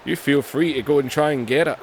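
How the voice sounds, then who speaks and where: A man hosting a gaming channel, giving excitable play-by-play on a wrestling video game with self-mocking asides and jumps in pitch on big moves. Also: fairly quick, faint music behind.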